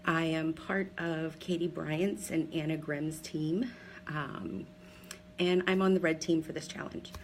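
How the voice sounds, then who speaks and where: Chatty woman in her forties, lowish voice. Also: fairly even intonation, a little slow, a little hiss or hum, low-quality recording. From Pennsylvania, USA. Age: 40s. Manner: chatty and candid, many ums, laughs at herself. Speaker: direct seller sharing her story. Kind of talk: casual personal testimonial on a live video.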